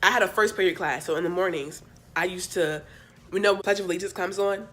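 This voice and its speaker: A woman's voice: on the low side, brisk. Sassy, chatty young woman. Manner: animated, chatty, sassy asides to viewers. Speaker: vlogger. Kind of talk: casual storytime. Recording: faint background music.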